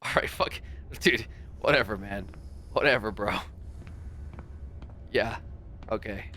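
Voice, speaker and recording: A man's voice: fairly low pitch, slow, pushed and bright, a little hiss or hum. A man streaming a game live, talking back to his chat in an exasperated, swearing rant. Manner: frequent swearing. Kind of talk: live gaming stream commentary.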